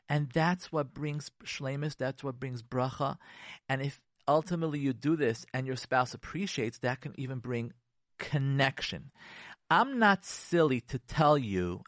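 A man hosting a radio show, giving an informal religious talk. He acts out quoted spouses and prayers in changing voices and sometimes drops to a hushed tone. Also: medium pitch, animated, fast, dry recording, studio quality.

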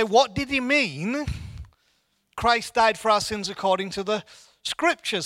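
A man's voice: high voice, pushed and bright, dry recording. A man giving an informal church Bible teaching in an earnest way, often repeating words as he restarts.

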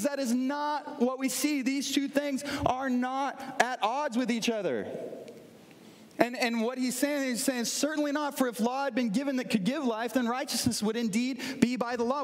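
A man with a fairly high voice delivers a sermon. He keeps it conversational and tells everyday stories. He often stops to put questions to the congregation, and his voice rings with the long reverb of a large hall. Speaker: pastor.

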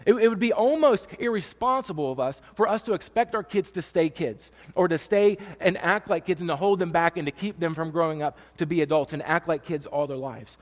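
A man's voice: a little high, fairly quick, few pauses, big-room sound. A man in his thirties, a pastor preaching a conversational sermon, emotional, with many fillers and restarts. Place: church stage with long reverb.

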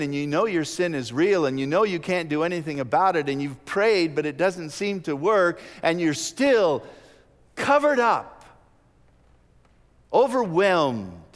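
A man preaching a sermon, rising to loud emphatic peaks and dropping to soft, slow prayer. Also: a little high. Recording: long hall reverb.

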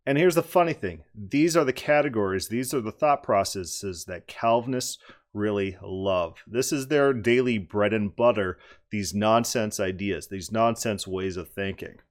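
A man's voice: fairly low pitch, unhurried. A man giving critical commentary on a debate clip, emphatic and argumentative, repeating words for stress.

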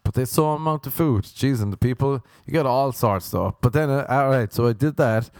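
A man doing rambling, jokey stand-up storytelling, sometimes jumping into high mock voices. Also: normal speed, darkish tone, no room sound, studio quality. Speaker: stand-up comedian.

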